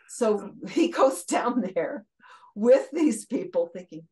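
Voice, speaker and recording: An older woman from Brooklyn, a guest on an interview, telling lively anecdotes, laughing mid-sentence and acting out what people said. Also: a little high, slow pace, poor audio. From Brooklyn, USA. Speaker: guest, former children's TV host. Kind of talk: casual storytelling interview.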